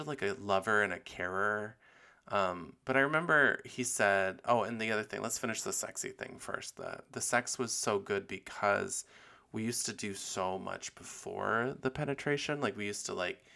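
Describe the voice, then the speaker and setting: A man's voice: lowish voice, gravelly, bright, forceful tone. A young man hosting his own podcast, chatting candidly with lots of fillers and giggles. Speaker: podcast host. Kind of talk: casual solo podcast chat.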